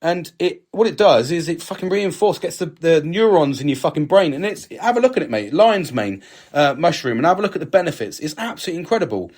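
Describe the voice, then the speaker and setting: A man's voice: on the high side, lively intonation, quick pace, a little mellow. A British man co-hosting a casual podcast chat, frank and sweary, talking with emphasis. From United Kingdom. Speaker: podcast co-host.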